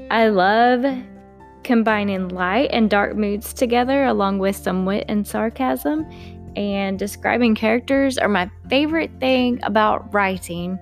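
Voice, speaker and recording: A woman, author and narrator reading her own story in a friendly, chatty way. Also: mid-range voice.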